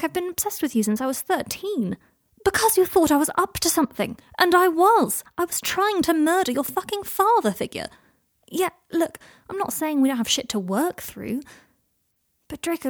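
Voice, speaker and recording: A woman voicing a tender, earnest young man in love, pleading softly. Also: high-pitched, sing-song, normal speed, no echo, studio quality, voice pushed up.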